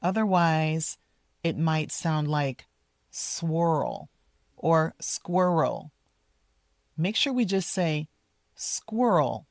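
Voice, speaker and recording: Slow, careful woman teaching pronunciation. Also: low voice, no room sound, clean studio sound. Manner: deliberate, repeats model words slowly. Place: outdoors in a park, walking with her dog.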